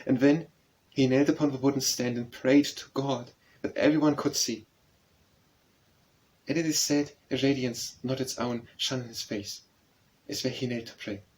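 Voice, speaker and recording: A man's voice: medium pitch, a little mellow, rough recording. Solemn male narrator reading verse. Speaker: audiobook narrator. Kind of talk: reading a narrative poem aloud.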